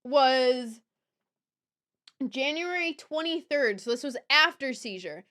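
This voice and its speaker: A young woman livestreaming, talking loosely and off the cuff. Her voice sits a little high and sounds smooth and clear. She rambles, drops a swear here and there and laughs easily. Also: animated, takes it slowly, bright, forceful tone. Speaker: streamer. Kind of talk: casual livestream chat.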